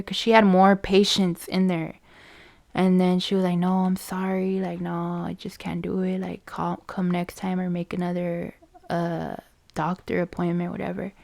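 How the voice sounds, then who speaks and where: Chatty woman with vocal fry. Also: medium pitch. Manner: chatty, lots of "like" and "you know", swears freely. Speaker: podcast host. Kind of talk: casual personal storytelling.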